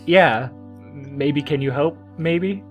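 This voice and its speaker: A man's voice: a little high, slow pace, faint music behind. A man playing a goofy tiny alien bug. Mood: offhand. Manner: offhand, rambling delivery.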